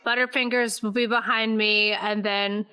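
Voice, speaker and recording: A woman's voice: medium pitch, level tone, moderate pace, bright, forceful tone, clean tone, low-quality recording. A woman playing in a remote tabletop game, bossing and bantering with the other players. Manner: bossy, bantering in character. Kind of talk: casual tabletop play.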